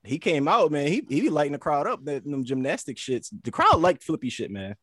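A man co-hosting a casual wrestling talk show, telling stories in an animated way with profane slang. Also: a little high, brisk, no room sound. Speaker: podcast co-host.

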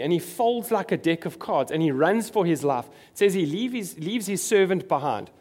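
A man's voice: a little high, darkish tone. A man preaching a sermon, earnest and emphatic, repeating his key phrases.

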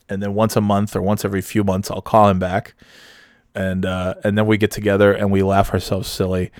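Low-voiced man telling a profane anecdote. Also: dry recording, clean studio sound. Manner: profane, laughing often, rambling restarts. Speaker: storyteller. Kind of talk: casual personal anecdote.

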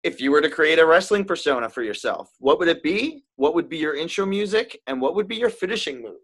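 A man's voice: a little high, lively intonation, quick pace, a bit bright. A man hosting a casual interview, asking questions in a friendly, encouraging way. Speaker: interview host.

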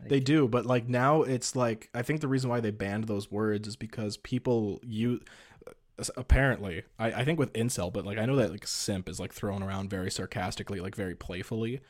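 A man's voice: fairly low pitch, a little fast. A man hosting a casual podcast chat, rambling with lots of filler words and restarts. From Canada. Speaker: podcast host.

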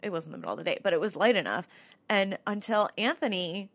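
A woman's voice: mid-range voice, big pitch swings, quick pace, fairly bright tone. A woman co-hosting a podcast, telling a ghost-hunt story in a chatty way, with lots of fillers and laughs. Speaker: podcast co-host. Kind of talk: casual chat.

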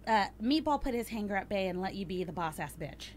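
A woman's voice: medium pitch, lively intonation, fairly quick, a little hiss or hum. A woman hosting a casual chat, reading a date review aloud and teasing her cohost with crude jokes. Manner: teasing, profane, joking. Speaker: podcast host.

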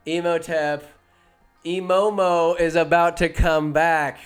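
A man casually recapping a movie scene by scene, talking fast and animated, with quick impressions of the characters. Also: on the high side, smooth, soft background music.

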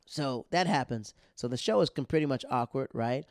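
A young man telling a comic story, animated and acting out other people's lines in louder, higher voices. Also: brisk, hardly any pauses, dry recording, studio quality. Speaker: stand-up comedian. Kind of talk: storytelling comedy monologue.

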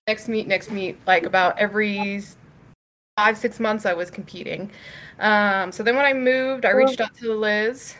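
A young woman chats as a podcast guest, loose and conversational, leaning on "like" and "um" and dropping casual swear words. Her voice sits at an ordinary middle pitch for a woman, with a faint noise under the recording. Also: a bit bright. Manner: chatty, frequent "like" and "um" fillers. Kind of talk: casual storytelling interview.

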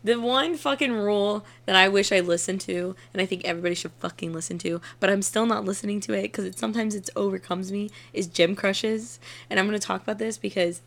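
Young woman, podcast co-host, gravelly voice, loose profane chat. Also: medium pitch, brisk. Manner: profane, laughing, animated storytelling. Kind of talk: casual chat.

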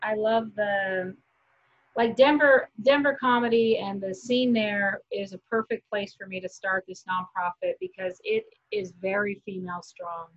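A woman's voice: mid-range voice, steady tone, normal speed, lo-fi sound. A woman who organizes a comedy festival, talking earnestly in a casual interview with frequent ums.

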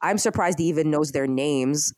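A woman's voice: sits low, normal speed, no room sound. A young woman chatting casually as a podcast co-host, retelling a TV drama and acting out the characters. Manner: animated storyteller acting out characters' lines. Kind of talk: casual chat.

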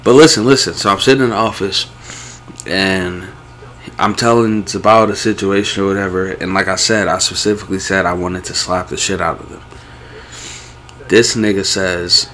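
Animated young man telling a story. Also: fairly low pitch, moderate pace, a little hiss or hum. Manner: animated storytelling, swears a lot, slang-heavy. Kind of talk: casual chat.

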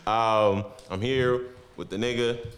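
A man's voice: mid-range voice, slight background noise. A man hosting a casual podcast, talking in loose, repetitive slang and laughing often. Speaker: podcast host.

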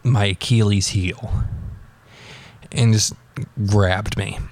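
Low gravelly man telling a rambling story. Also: fairly even intonation, takes it slowly, a little mellow. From United States. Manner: rambling, profane, offhand. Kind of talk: casual personal storytelling.

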